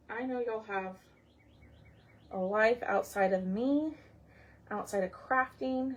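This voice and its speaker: A woman with a higher voice hosts a live crafting tutorial, speaking slowly and pausing often. She chats with viewers by name as she works, thinking aloud and frequently trailing off.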